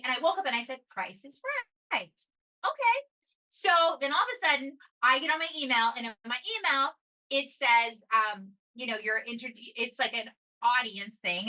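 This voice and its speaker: A woman's voice: high voice, sharp tone, far from the mic, poor audio. A woman hosting a podcast, telling a personal story in a casual, upbeat way and acting out what she thought and said. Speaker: podcast host.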